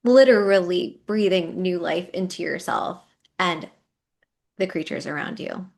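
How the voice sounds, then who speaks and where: A woman's voice: lowish voice, animated, measured pace, creaky, darkish tone. A woman hosting a podcast interview, listening closely, reacting briefly and then asking the next question. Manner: supportive listener with short reactions. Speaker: podcast host. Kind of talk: casual interview.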